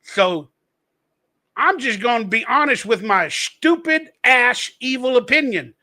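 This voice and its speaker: Male podcast host, high bright voice, profane mocking rant. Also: expressive, unhurried. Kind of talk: ranting commentary.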